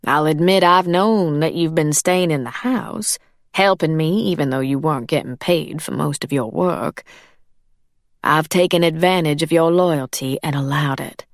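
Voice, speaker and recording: A woman's voice: low voice, normal speed, no room sound, studio quality. Woman reading Eleanor, a cool firm employer.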